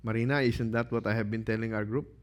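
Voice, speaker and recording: A male pastor preaching a sermon, animated, questioning his congregation and acting out quotes. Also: lowish voice, fast talker.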